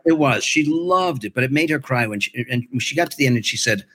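A man who narrates audiobooks, chatting as an interview guest in an animated, playful way, with lively jumps in his voice. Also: medium pitch, brisk. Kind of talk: casual interview chat.

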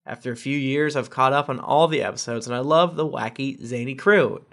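A man's voice: medium pitch, fairly quick, a bit bright. A man hosting a casual podcast, reading listener reviews aloud and breaking off into jokey asides and chuckles. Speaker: podcast host.

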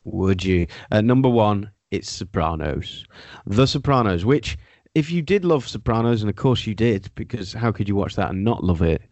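A man's voice: on the low side, expressive, moderate pace, hardly any pauses, a little mellow, dry recording. A man hosting a podcast, talking through TV shows in casual, wry, sometimes sweary banter. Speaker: podcast host. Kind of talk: casual chat.

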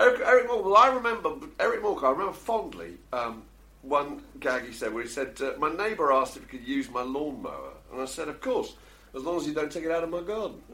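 A man's voice: on the high side, big pitch swings, quick pace. A man co-hosting a podcast, joking around and laughing at his own gags. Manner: jokey, laughs a lot, trails off quietly. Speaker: podcast co-host. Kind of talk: casual chat, telling jokes.

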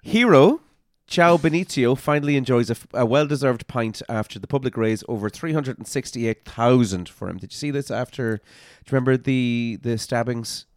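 A man's voice: mid-range voice, moderate pace, hardly any pauses, no room sound, studio quality. A man co-hosting a podcast, bantering and teasing in casual chat. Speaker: podcast co-host.

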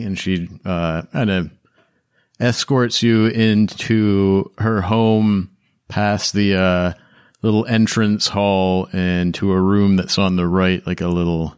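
A man narrating as the game master of a tabletop game, describing scenes in a measured way. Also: deep voice, steady tone, darkish tone, clear, resonant tone, dry recording, clean studio sound.

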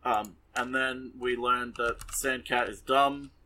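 A man's voice: mid-range voice, fairly even intonation, slow, pushed and bright, slight background noise, low-quality recording. A man casually recapping an anime episode for a podcast, sarcastic and exasperated, rambling with many fillers.

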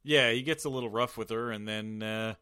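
A man's voice: medium pitch, fairly quick, a crowd in the background. A man co-hosting a casual movie recap, swearing freely and laughing as he mocks the film. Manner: profane, laughing asides, mocking the film. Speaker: podcast co-host.

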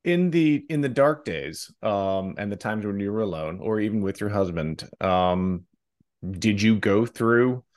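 Deep-voiced host, halting questions. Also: male voice, lively intonation. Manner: halting, rephrases questions with many ums. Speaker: podcast host. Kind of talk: interview questions.

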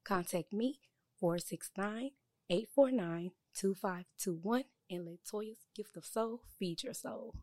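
A woman's voice: mid-range voice, slow, dark tone, dry recording. Woman reading a chef's radio spot. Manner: friendly promotional read. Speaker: chef in a sponsor ad. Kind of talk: read advertisement.

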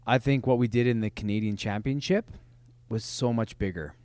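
Lively man telling stories on a podcast. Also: on the low side, no echo. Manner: animated, laughing often, talks in quick bursts. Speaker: professional soccer player guest. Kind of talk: casual podcast storytelling.

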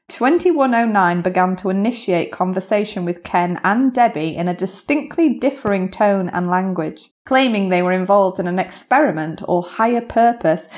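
A woman hosting a podcast, narrating a scripted story and chatting with a guest, laughing at her own slips. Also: medium pitch. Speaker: podcast host.

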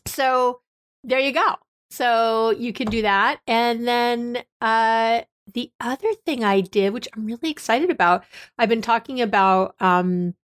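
A woman in her fifties hosts her podcast from her office, chatting in a bubbly, easygoing way. Her voice is a touch hoarse and sits at an ordinary middle pitch. She laughs easily between thoughts. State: slightly hoarse. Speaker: psychologist and podcast host. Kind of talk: casual podcast chat.

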